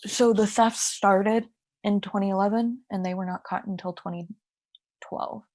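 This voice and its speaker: A woman's voice: medium pitch, steady tone, normal speed, darkish tone, no echo, studio quality. A young woman co-hosting a podcast, telling a crime story in a casual, chatty way with asides and restarts. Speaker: podcast co-host.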